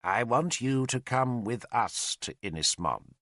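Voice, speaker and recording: A man's voice: mid-range voice, animated, a little slow, fairly bright tone, dry recording, clean studio sound. A man voicing an old male druid in an audiobook, imperious and sarcastic, with a stern, snapping delivery. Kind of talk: audiobook character voice.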